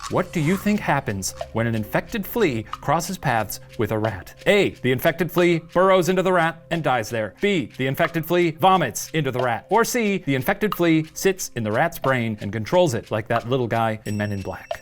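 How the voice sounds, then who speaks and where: A man hosting a comic history quiz, excitable and theatrical. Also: mid-range voice, moderate pace, hardly any pauses, soft background music. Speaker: quiz host.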